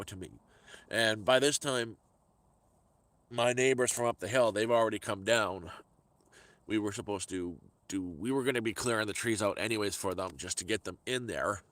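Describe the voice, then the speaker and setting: A man's voice: lowish voice, a little slow, pauses often, fairly bright tone, no echo. A middle-aged man telling a story in a casual vlog, exasperated and ranting, often repeating words as he talks into a phone he holds. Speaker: vlogger. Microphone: phone held by hand.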